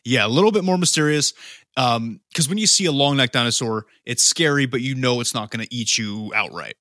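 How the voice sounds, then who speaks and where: Bright-voiced joking podcast host man. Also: mid-range voice, lively intonation, fairly quick, dry recording, clean studio sound. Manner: profane, joking, drives the topic. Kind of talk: casual chat.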